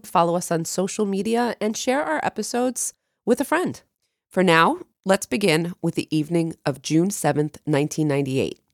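Lively low-voiced woman hosting a podcast. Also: vocal fry, no echo, studio quality. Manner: lively, with big pitch jumps when excited. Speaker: podcast co-host. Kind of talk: true crime podcast chat and case narration.

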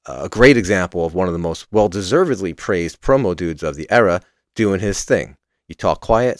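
Brief: man, very low voice, casual podcast recap, animated and profane, close dry mic. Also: no room sound. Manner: animated, swears freely, swings between loud and quiet. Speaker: podcast contributor reviewing a wrestling match.

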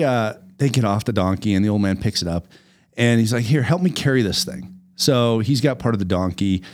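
A man hosting a casual talk show, telling a fable in a lively, rambling way and often repeating his words. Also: lowish voice. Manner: animated, repeats words while telling a story. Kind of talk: casual storytelling chat.

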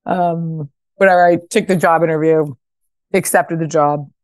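A woman in her thirties, a fashion founder guesting on a podcast, telling stories casually and acting out quotes with bursts of high voices. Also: fairly even intonation, normal speed, a little mellow, dry recording. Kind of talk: casual interview storytelling.

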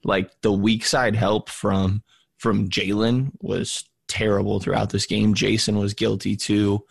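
A man co-hosting a basketball podcast, groggy with his morning voice and rambling through halting restarts. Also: fairly low pitch, flat delivery, creaky, husky, no echo. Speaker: podcast co-host. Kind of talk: casual sports podcast chat.

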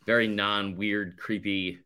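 A man's voice: fairly low pitch, flat delivery, takes it slowly, pushed and bright, clean tone. A male podcast co-host telling a rambling, sarcastic story in casual chat, saying "like" constantly. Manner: rambling, sarcastic, heavy use of "like".

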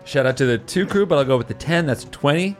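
A man's voice: mid-range voice, animated, quick pace. A man playing a tabletop game, his voice rising and falling a lot as he cracks crude jokes. His talk is loose and playful, with faint music behind him. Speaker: player. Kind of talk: casual tabletop play.

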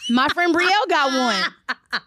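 A woman's voice: high voice, slow pace, a little hiss or hum. A young woman, co-hosting a podcast, telling stories in casual chat and acting out the dialogue with lots of profanity. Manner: animated, profane, acts out dialogue. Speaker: podcast co-host.

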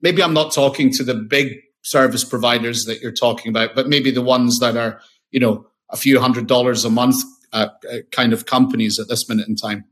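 A man's voice: medium pitch, steady tone, brisk. A man, a company founder, talking casually and enthusiastically as a podcast guest, often restarting and repeating words. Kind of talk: casual interview talk.

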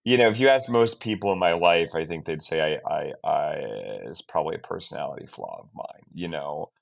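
A man who is a film director, giving a candid, reflective interview with halting speech, many restarts and trailing-off phrases. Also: low-pitched, fairly even intonation, vocal fry. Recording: dull lo-fi sound.

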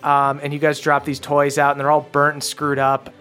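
A man's voice: monotone, normal speed, a bit bright, faint music behind. A man narrating as game master of a comedic tabletop game, with jokey asides. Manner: jokey, jumps into squeaky high character voices.

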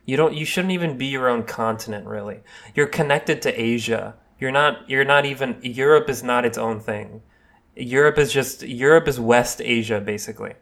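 A man's voice: medium pitch, normal speed, vocal fry, fairly bright tone. A man co-hosting a casual podcast chat, joking and rambling in a teasing way. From United States. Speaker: podcast co-host.

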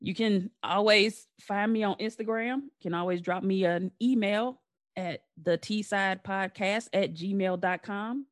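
Speaking unhurriedly in a mid-range voice, this podcast host keeps the conversation with her guest light and casual. She laughs often and tells stories in a relaxed way.

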